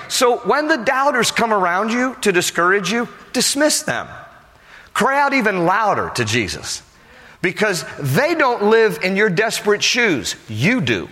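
A male pastor preaching a sermon in an animated way, acting out the people in his stories. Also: high voice, a little slow, big-room sound.

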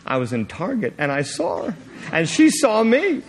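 A male pastor telling a story in a sermon, animated and acting out the scene. He rambles with fillers and restarts, and his voice jumps high when he gets excited. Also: normal speed, a little hiss or hum.

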